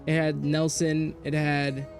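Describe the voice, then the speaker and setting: Male gaming streamer, slightly high voice, rowdy, swearing storyteller, faint game music underneath. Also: takes it slowly. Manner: animated, profane, swings between loud outbursts and low mutters.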